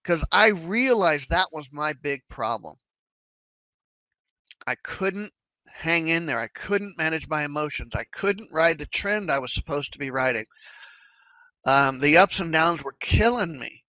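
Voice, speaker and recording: Man, fairly high bright voice, conversational trading educator, animated, dry close sound. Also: unhurried, dry recording, poor audio. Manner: conversational, animated, acts out inner thoughts. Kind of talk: casual explanatory talk.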